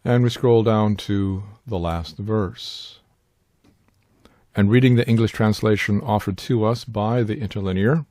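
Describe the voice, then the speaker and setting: Measured, mellow-voiced male Bible teacher. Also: on the low side, no echo, studio quality. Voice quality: measured, deliberate, careful pronunciation of Greek terms. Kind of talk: scripted Bible word study.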